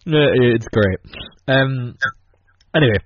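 A man's voice: mid-range voice, slow, slight background noise. A man hosting a casual podcast chat, rambling with many fillers and restarts. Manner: rambling, lots of fillers and restarts, acts out quotes. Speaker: podcast host. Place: indoor room in northeast England. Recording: dull lo-fi podcast audio.

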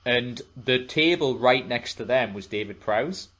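A man chatting on a podcast. He rambles through his stories, stopping to correct himself and filling gaps with ums. His voice sits at an everyday middle pitch. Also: unhurried, fairly bright tone. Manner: rambling, self-correcting storyteller with frequent fillers. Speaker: podcast co-host. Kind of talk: casual chat.

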